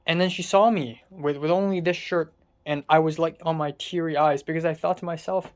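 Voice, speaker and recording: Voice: medium pitch, fairly even intonation, fairly quick. A young adult from Hong Kong telling a personal story in a casual monologue, venting in an exasperated way and swearing often. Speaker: vlogger.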